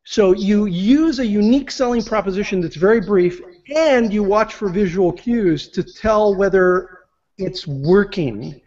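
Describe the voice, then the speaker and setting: As an interview guest, a man gives business advice step by step, acting out sample phrases along the way. His voice is high-pitched, unhurried and a little mellow, heard through muffled lo-fi audio.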